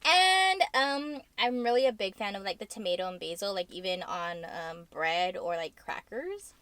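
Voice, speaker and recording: A woman's voice: mid-range voice, animated, moderate pace, fairly bright tone, a little hiss or hum. A bubbly young woman who acts, co-hosting a casual chat, laughing often and using lots of fillers. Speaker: co-host, actress.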